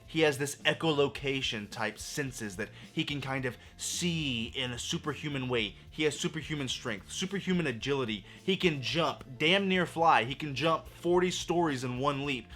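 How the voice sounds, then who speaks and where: A man's voice: medium pitch, moderate pace, few pauses, sharp tone. A man ranting through a movie review, sarcastic and profane, full of exasperation.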